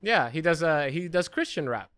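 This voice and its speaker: Bright, crisp-voiced joking man. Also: a little high, lively intonation, normal speed, no room sound, studio quality. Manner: crude joking storyteller, acts out quotes. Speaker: podcast co-host, comedian. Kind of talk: casual comedy podcast banter.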